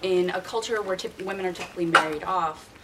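A woman in the audience asking a question, halting and hesitant. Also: on the low side. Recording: distant audience mic with background noise.

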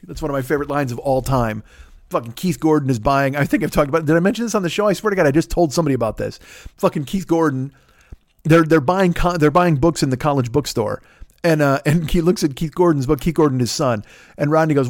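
A podcast host with a fairly high, quick voice delivers a rambling, profane solo comedy rant, sometimes breaking into character voices and scat singing. He sounds a bit sniffly from a cold. The studio sound is clean with no echo.

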